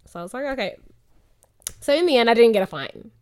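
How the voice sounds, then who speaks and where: Young woman, podcast co-host. High-pitched, rapid, animated storyteller who laughs a lot. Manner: animated storytelling, acting out quotes, laughing often. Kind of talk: casual chat between best friends.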